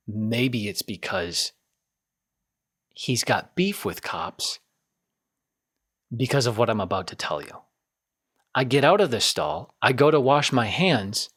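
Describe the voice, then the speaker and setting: In a fairly bright, mid-range voice, a twenty-something man tells a casual story on his podcast. He wanders, circles back, repeats himself, and keeps things self-deprecating.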